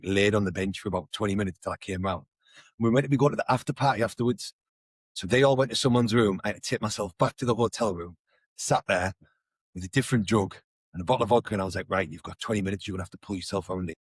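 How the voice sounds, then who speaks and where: Fast-talking husky man. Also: on the low side, no room sound. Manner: fast, slangy, swears freely. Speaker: podcast co-host. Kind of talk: casual storytelling chat.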